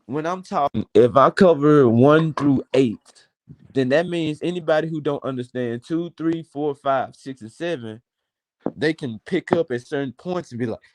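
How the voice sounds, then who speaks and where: A man's voice: on the high side, moderate pace, darkish tone, low-quality recording. A man in his twenties speaking in a casual, rambling storytelling way. He swears freely as he talks. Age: 20s. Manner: wordy, digressive, swears freely. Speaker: panel speaker.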